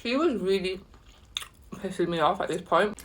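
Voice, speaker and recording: Animated woman telling a story over dinner. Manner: animated, exasperated retelling with sudden high-pitched outbursts; pauses to savor food with soft murmurs. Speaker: vlogger. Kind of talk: casual storytelling while eating.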